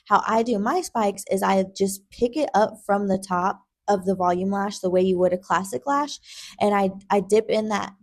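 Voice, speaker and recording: Chatty woman lash artist vlogging. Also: mid-range voice. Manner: chatty, calls the viewer girl, keeps asking okay. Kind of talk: tutorial vlog with casual chat.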